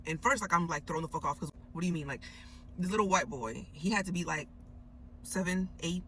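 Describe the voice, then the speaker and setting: A woman's voice: on the low side, a little fast, fairly bright tone, slight background noise, poor audio. A woman telling a story casually from inside a parked car, emphatic and swearing freely. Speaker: storyteller recounting an encounter.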